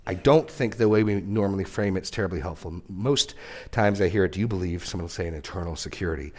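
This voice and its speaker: A man preaching a sermon as pastor, earnest, with repeated words and sudden rises in pitch for emphasis. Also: fast.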